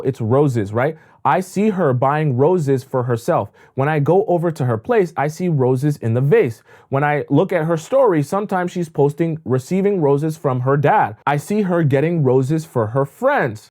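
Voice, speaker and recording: Emphatic male dating coach, mellow voice. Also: fairly high pitch. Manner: emphatic, repeats words for stress. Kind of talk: coaching monologue.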